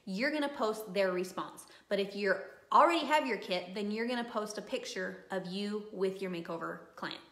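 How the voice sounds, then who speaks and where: A woman's voice: medium pitch, moderate pace, hardly any pauses, a bit bright. Chatty woman coaching in an echoey room. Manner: chatty, gushing, motivational. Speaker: online course instructor. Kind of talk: live-stream class, reading viewer comments.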